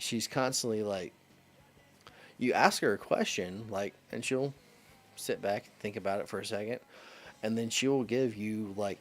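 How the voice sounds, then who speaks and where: A young adult man, a streamer chatting casually with friends and rambling through a story with lots of "like" fillers. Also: on the low side. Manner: rambling, heavy use of "like". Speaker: streamer host. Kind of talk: casual chat.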